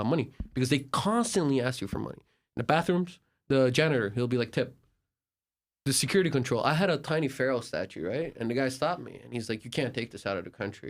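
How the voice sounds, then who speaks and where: An American man, a podcast guest, telling travel stories in a casual, animated way, laughing and acting out the people he quotes. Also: medium pitch. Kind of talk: casual storytelling.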